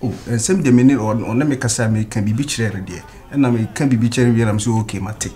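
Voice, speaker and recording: A man's voice: medium pitch, quick pace, dark tone, close to an everyday voice. A man playing a sheepish, defensive friend who carries messages in a comedy drama. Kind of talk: comic drama acting.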